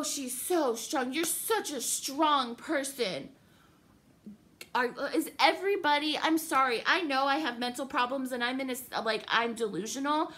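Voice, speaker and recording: A woman's voice: high voice, sharp tone. A young woman venting in an angry, profane, sarcastic rant to the camera, upset and livid. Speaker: vlogger.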